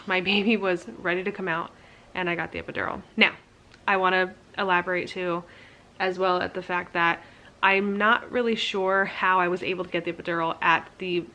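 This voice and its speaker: A woman's voice: on the low side, pushed and bright. A young woman casually telling her birth story to camera, candid and chatty, full of "like" fillers and self-mocking laughs.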